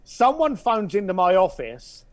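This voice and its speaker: A man tells a story as a podcast guest and acts out each voice along the way. His voice runs high and swoops around a lot, and it is recorded close and dry. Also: unhurried, no room sound. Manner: animated storyteller, acts out voices, drops to a hush for effect. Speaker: podcast guest, concierge founder. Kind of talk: storytelling anecdote.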